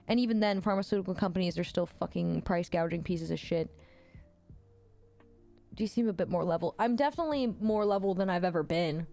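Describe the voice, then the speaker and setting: A woman's voice: fairly low pitch, a little fast, creaky, mellow, faint music behind. A woman in her thirties livestreaming, chatting casually with viewers and reading their messages, blunt and swearing freely with frequent laughs.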